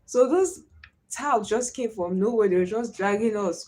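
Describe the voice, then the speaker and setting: A woman's voice: mid-range voice, moderate pace, a little hiss or hum. A young Nigerian woman from Delta State with a Warri Pidgin accent, hosting a casual livestream chat and telling stories animatedly, slipping into Pidgin. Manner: animated storytelling, switches into Pidgin. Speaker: livestream host.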